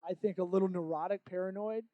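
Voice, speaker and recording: A man hosting a podcast in casual comedic chat, playful and jokey, breaking into loud bits. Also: high-pitched, steady tone, quick pace, no echo, narrow, tinny audio. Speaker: podcast host.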